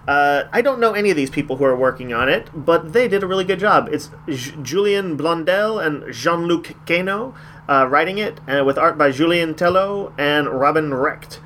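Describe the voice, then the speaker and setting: A man's voice: on the high side, expressive, normal speed, fairly bright tone, a little hiss or hum. A man hosting a comic shop podcast, talking casually and enthusiastically in a rambling, hesitant way. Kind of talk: casual chat reviewing comics.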